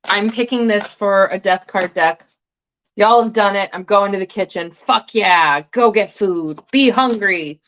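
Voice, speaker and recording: A woman's voice: mid-range voice, a little slow, a bit bright, highs cut off. A woman hosting a tarot livestream, chatting casually and swearing freely while she snacks between thoughts.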